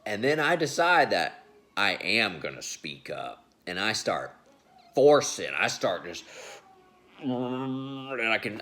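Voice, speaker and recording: A man's voice: on the low side, fairly bright tone. An adult man telling a story in a casual, rambling monologue, laughing often and restarting sentences as he hosts his show.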